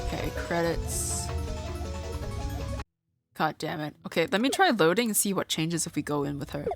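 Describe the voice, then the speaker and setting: A woman streamer playing a visual novel, reading it aloud and reacting with expressive, swearing outbursts. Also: fairly low pitch, moderate pace, creaky, music in the background.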